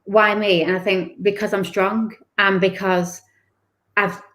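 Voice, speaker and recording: A woman's voice: mid-range voice, flat delivery, measured pace, a bit bright. A woman, a guest author telling her personal story in an interview, candid and emotional with many restarts.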